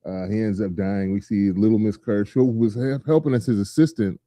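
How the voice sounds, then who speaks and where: A man hosting a casual chat show, talking in an animated way and acting out scenes in quick voices. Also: on the low side, no room sound. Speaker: podcast host.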